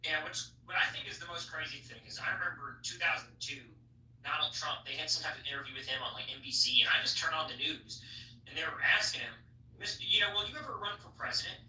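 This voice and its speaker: A man's voice: on the high side, fairly even intonation, quick pace, bright, forceful tone. A young man hosting a casual political chat podcast, blunt and swearing freely. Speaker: podcast host. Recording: echoey room, voice from far off, faint noise.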